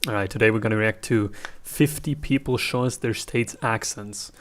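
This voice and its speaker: A man's voice: fairly low pitch, moderate pace, a little hiss or hum. A man from Germany with a German accent, chatting casually as he reacts to clips and thinks aloud. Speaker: reaction video host.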